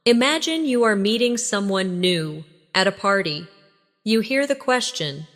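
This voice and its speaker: A woman leading a scripted English lesson, speaking slowly and clearly so listeners can repeat after her. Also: medium pitch, a bit bright, long reverb tail. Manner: slow, measured, clearly enunciated. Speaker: English teacher.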